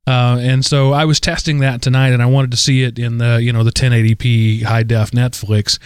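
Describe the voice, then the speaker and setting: A man in his forties, co-hosting a podcast, telling a rambling, animated story full of fillers. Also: medium pitch, brisk, clear, resonant tone, no echo, studio quality. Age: 40s. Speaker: podcast co-host. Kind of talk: casual chat.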